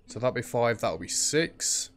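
A man's voice: medium pitch, animated, unhurried, a bit bright. A man hosting a let's play, thinking aloud in casual gameplay commentary. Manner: chatty, thinks aloud while playing, frequent ums.

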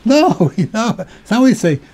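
Questioning rabbi, slightly high, mellow voice. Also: male voice, animated, quick pace. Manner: questioning, repeats and restarts words. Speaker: rabbi teaching. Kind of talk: Torah class lecture.

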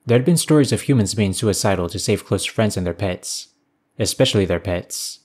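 A man narrating a science fiction story in a measured, even storytelling manner. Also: lowish voice, breathy edge.

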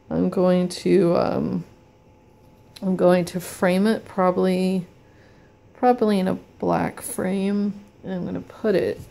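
A woman filming a casual unboxing vlog at home, talking haltingly with many fillers, anxious and in pain. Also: fairly low pitch, vocal fry, mellow, slight background noise. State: anxious and in pain, hand shaking. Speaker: vlogger. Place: home, indoors.

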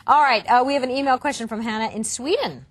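A woman's voice: on the high side, no echo. A woman hosting a talk show, interviewing a guest in a playful, teasing way. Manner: playful, teasing, quick with jokes. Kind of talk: casual interview chat.

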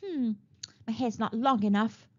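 A woman reading a storybook and voicing a dreamy, dramatic young princess in a high, theatrical voice, on a dull lo-fi recording. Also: unhurried, close to an everyday voice.

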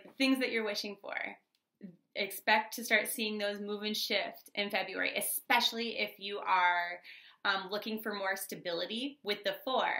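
A woman's voice: medium pitch, creaky, bright, forceful tone, roomy sound. A woman giving a casual tarot reading vlog, bubbly and chatty with lots of fillers. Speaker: tarot reader.

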